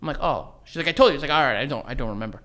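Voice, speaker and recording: Animated swearing man telling a story. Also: medium pitch, very fast. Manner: animated storyteller, swears freely, acts out quoted dialogue. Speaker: podcast co-host. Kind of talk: casual chat.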